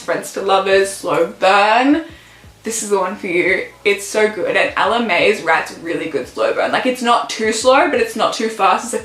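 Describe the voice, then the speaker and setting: Teen woman, book vlogger, gushing chatter, mid pitch, echoey room. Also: a bit bright. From Australia. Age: late teens. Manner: gushing, chatty, fond of "literally" and "so good". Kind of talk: casual book recommendations.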